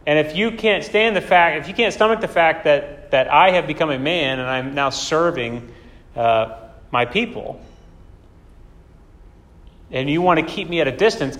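A man's voice: a little high, fairly bright tone. A man preaching a sermon in a conversational way, often asking rhetorical questions. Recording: long hall reverb.

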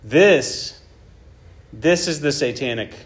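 Male preacher, medium pitch, emphatic and probing, checks in with the room. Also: animated, slow. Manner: emphatic, checks in with "right?" and "okay?". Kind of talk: sermon.

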